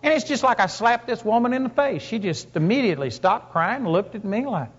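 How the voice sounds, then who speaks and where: A man's voice: high voice, lively intonation, fairly quick, a bit bright, slightly rough. A man preaching a sermon to a congregation, telling stories with emphatic rises and punchy lines. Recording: long hall reverb, dull lo-fi sound.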